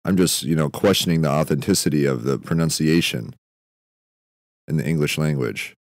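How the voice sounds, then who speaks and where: A young man with a very deep, low voice drifts through a comedic podcast monologue, musing and doubling back on himself in a deadpan way. The sound is close and dry, with no room around it. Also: normal speed, no echo. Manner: meandering, self-interrupting, deadpan musing with frequent fillers. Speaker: podcast host.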